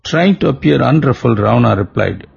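A man giving a formal, deliberate scripted narration of an old legend. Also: mid-range voice, lively intonation, gravelly, darkish tone, slightly rough, lo-fi sound. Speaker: storyteller.

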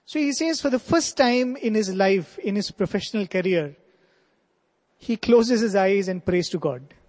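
A man's voice: sits high, expressive, unhurried, darkish tone. A man telling a devotional story earnestly as a spiritual speaker, with asides like "you know". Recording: long hall reverb.

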